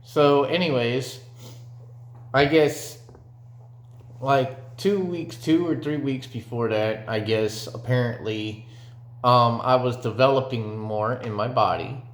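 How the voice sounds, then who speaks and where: A young man rambles casually through a story from his own life, packing it with fillers and swearing. His medium-pitched voice is slow and fairly even in intonation, and the room is echoey.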